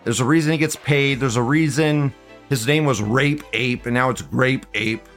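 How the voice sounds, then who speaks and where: A man's voice: mid-range voice, moderate pace, a bit bright, soft background music. A man hosting a live show, ranting in a casual, profane, rambling way and repeating himself. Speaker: livestream show host.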